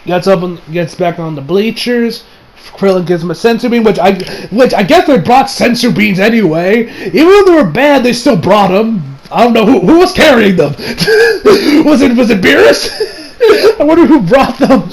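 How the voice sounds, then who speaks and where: A man giving a casual anime episode recap, excitable, swearing freely and laughing often. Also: high-pitched, normal speed, slight background noise, poor audio. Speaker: anime reviewer.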